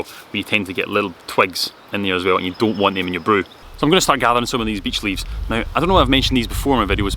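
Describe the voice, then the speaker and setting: A man with an English accent, hosting a casual outdoor foraging tutorial in a chatty, relaxed way. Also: lowish voice, slight background noise. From England. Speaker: forager and host. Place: outdoors among trees.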